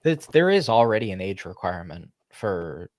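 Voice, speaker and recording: A man in a casual podcast chat, explaining things in a halting way with frequent restarts. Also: low-pitched, sing-song, darkish tone, dry recording, clean studio sound. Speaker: podcast co-host.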